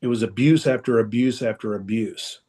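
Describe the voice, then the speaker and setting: A man's voice: medium pitch, normal speed, mellow. A man telling a personal story as a guest in a casual, rambling way, with many restarts, over a video call. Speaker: guest speaker.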